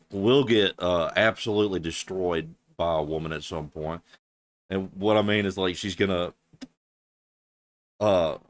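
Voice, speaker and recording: Low-voiced sarcastic male streamer. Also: a bit bright, dry recording. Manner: incredulous, sarcastic, swearing. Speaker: streamer reacting to a clip. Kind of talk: mocking reaction commentary.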